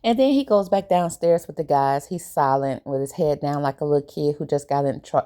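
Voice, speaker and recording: A woman giving a casual, opinionated recap of a reality TV episode, animated and colloquial. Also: low-pitched, brisk. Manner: animated, opinionated, briefly acts out quoted lines; relaxed colloquial grammar.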